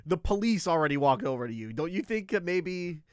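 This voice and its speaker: A man's voice: on the high side, smooth, dry recording, studio quality. A young man co-hosting a college radio sports show, teasing his partner and laughing easily in casual chat. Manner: animated, quick to laugh, teasing.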